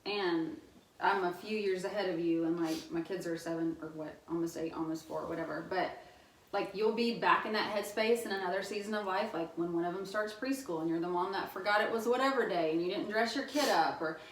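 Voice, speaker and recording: A woman's voice: lowish voice, fairly quick. A woman in her thirties, a podcast guest, telling stories in a chatty way and laughing often. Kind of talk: casual podcast chat. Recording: roomy sound, mic at a distance.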